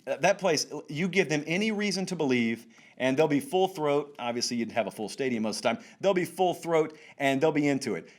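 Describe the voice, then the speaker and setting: A man's voice: fairly high pitch, lively intonation, a little fast. A man hosting a sports talk show, wry and sarcastic, with emphatic rising lines. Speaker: show host. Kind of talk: animated sports talk commentary.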